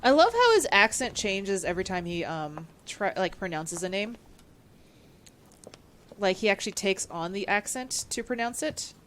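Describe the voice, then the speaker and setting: A woman streamer giving casual, excitable gameplay commentary and reading on-screen text aloud. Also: medium pitch, normal speed, slight background noise.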